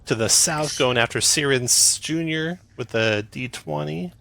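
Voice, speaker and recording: A man running a tabletop game as game master, quick and chatty, laughing often. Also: on the high side, gravelly, pushed and bright.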